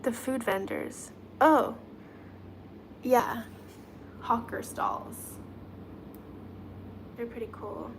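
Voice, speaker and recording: A chatty woman with a fairly high voice hosts a relaxed live stream. She giggles and thinks out loud while doing her nails, with a faint hum of room noise behind her. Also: extremely slow, pauses often. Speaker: livestream host reading chat. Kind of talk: casual live-stream chat.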